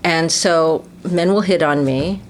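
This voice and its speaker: Woman, 60s, actress interviewee, animated storyteller, acts out quotes, lowish voice. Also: slow, slight background noise. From United States. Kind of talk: casual interview conversation.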